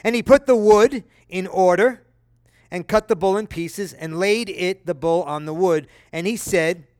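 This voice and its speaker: A man delivers a sermon in a noticeably high voice, reading scripture with dramatic flair. He breaks in with casual, conversational asides that check in with his listeners. The sound is dry and close, with no room echo. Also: a little slow, smooth. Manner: dramatic, lively reading of quoted speech. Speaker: preacher.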